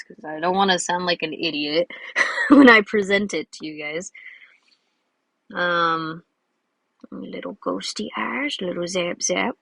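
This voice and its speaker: Drawing creator, woman, slow and chatty, dry close sound. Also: lowish voice, pushed and bright, no echo. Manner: rambling and giggly, many fillers. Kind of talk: casual commentary while drawing.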